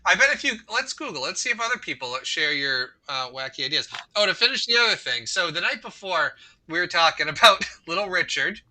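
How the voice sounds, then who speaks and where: Bright, bouncy male comedy podcaster. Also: high voice, big pitch swings, brisk, a little hiss or hum, poor audio. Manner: rambling, laughing, conversational. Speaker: podcast co-host. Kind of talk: crude comedy podcast banter.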